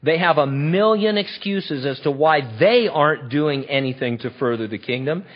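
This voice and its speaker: Male preacher, sermon delivery, emphatic and conversational. Husky tone, fairly high. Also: normal speed. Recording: dull lo-fi recording.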